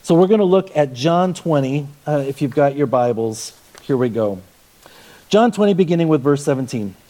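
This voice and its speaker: A man's voice: on the high side, expressive, normal speed, warm tone. A man pastor preaching a conversational sermon, reading scripture and adding humorous asides.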